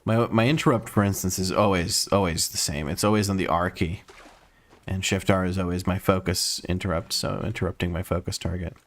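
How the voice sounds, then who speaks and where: Male streamer, American accent, slightly low-pitched, easygoing running commentary over gameplay. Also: fairly even intonation, brisk. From Croatia. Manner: easygoing, explains as he plays.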